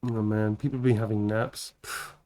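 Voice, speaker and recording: A man's voice: on the low side, little pitch movement, normal speed, mellow. A tired man hosting a livestream, chatting casually and laughing often as he teases his co-host and thanks viewers. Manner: laughs often, playful and teasing. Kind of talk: casual live-stream chat.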